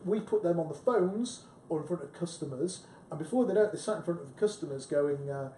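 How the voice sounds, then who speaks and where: Chatty man, mellow slightly high voice. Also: a little fast. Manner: chatty, emphatic, frequent restarts. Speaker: book club panelist. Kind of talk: casual discussion. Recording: echoey room with faint rumble.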